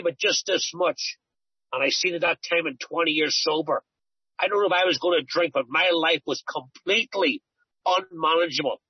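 A man's voice: fairly high pitch, normal speed, husky, dry recording, lo-fi sound. A middle-aged man giving an earnest personal recovery testimony, telling stories and often repeating himself. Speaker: recovery speaker.

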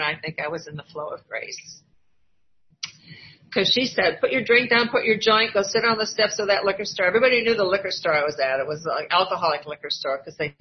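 Speaking in a low-pitched voice, an older woman from Iowa shares her own recovery story with a meeting, frankly and with acted-out voices for the people she quotes. The lo-fi recording sounds dull, carrying a little hiss or hum and faint ambience.

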